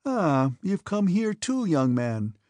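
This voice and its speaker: A man's voice: sits high, sing-song, takes it slowly, a little mellow, no room sound, voice pushed up, full character voice. A man voicing a shifty lieutenant who speaks in an oily, condescending way. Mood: smug.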